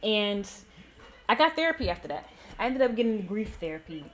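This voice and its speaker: A woman's voice: mid-range voice, very animated, a little fast. A young woman, host of a gaming channel, telling a painful personal story candidly, with many "like" fillers.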